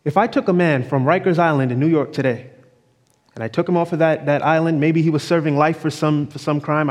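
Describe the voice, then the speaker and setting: A somewhat high-pitched man preaching with fervent conviction, his voice swelling and then dropping to a hush. The sound carries the long reverb of a church sanctuary, giving every pause a lingering tail. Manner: fervent, sweeping rises and drops in loudness. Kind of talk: evening sermon.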